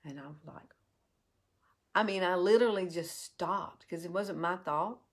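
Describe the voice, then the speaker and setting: A woman tells a heartfelt personal story while doing a makeup tutorial, in an earnest, halting way. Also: fairly low pitch, husky. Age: 50s. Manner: earnest and heartfelt, with halting restarts and soft drop-offs. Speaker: beauty vlogger.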